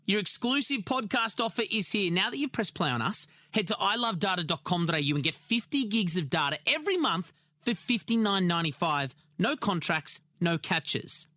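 A man's voice: sits high, animated, moderate pace, bright, forceful tone, no echo, studio quality. A man reading a scripted radio ad in an upbeat, salesy way. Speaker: ad announcer. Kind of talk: scripted ad read.

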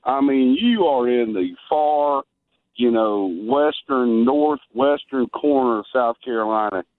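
A man's voice: medium pitch, a little slow. A man calling into a sports radio show, talking in a rambling, conversational way. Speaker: radio guest on the phone. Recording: tinny phone line.

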